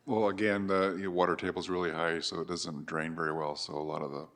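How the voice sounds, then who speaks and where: Man staffer, very low voice, monotone, matter-of-fact answer. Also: fairly quick. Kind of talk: answering at a public meeting. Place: city council chamber.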